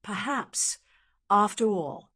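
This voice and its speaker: A text-to-speech woman's voice narrating a classic novel as an audiobook, in an even, measured way. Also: medium pitch. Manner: even, measured synthetic delivery. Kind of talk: scripted narration.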